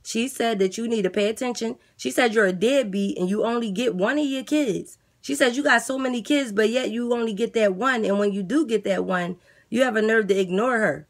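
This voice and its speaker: A woman playing a weary jail guard who relays messages in a flat, matter-of-fact way. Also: fairly high pitch, fairly quick, lightly acted. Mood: blunt. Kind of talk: comedy skit character voice.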